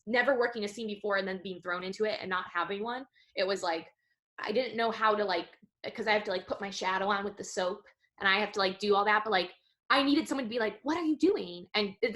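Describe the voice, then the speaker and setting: Bright, animated young woman chatting. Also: medium pitch. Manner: animated, tumbling restarts and frequent "like". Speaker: guest, Broadway performer and dancer. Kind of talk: casual interview chat.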